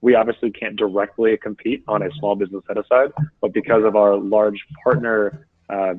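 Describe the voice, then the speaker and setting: A man's voice: lowish voice, little pitch movement, a little fast, no room sound. A man speaking as a guest on a webinar, his voice nasal and stuffy from allergies. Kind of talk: webinar talk over the phone. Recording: tinny phone line, dry.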